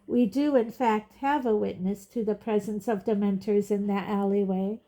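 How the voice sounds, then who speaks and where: A woman reading aloud, voicing a calm, pleasant old male wizard in a storybook reading. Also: mid-range voice, close to an everyday voice. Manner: pleasant, measured.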